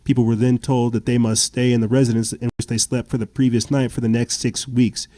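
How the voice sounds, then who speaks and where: A man's voice: medium pitch, little pitch movement, brisk, warm tone, dry recording. A man hosting a political commentary podcast, reading news reports aloud and adding sarcastic, indignant remarks with stammered restarts. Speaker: podcast host.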